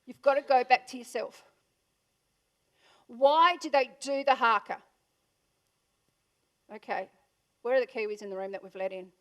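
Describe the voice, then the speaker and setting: A woman's voice: fairly high pitch, moderate pace, pauses often, a bit bright. An Australian woman giving a motivational talk to a live audience in a room, punchy and full of questions for the listeners. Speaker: motivational speaker.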